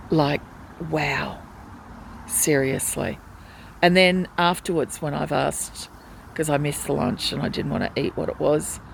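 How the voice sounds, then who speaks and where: This woman's voice is low and gravelly, heard in poor audio with slight background noise. Vlogging from a hospital ward, the patient describes how she has been treated in a distressed, pleading way.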